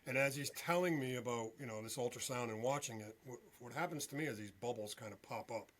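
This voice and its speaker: A male veteran and podcast guest telling a story in an animated way, often checking in with "okay?". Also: medium pitch, fast talker, slight background noise. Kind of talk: storytelling interview.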